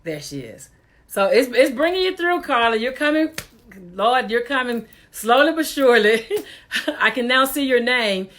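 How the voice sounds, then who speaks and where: A woman's voice: a little high, animated, normal speed, a bit bright. Chatty woman hosting a live stream. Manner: chatty, laughs often, exasperated at technical glitches. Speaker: talk show host. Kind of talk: casual live-stream chat. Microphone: computer for a live stream.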